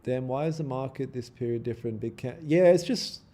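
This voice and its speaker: A man's voice: medium pitch, a little fast, warm tone. Casual, swearing man chatting on a trading stream. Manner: casual, swears freely, pleads and jokes with chat. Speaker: day trading livestream host. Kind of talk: live-stream chat and trading commentary.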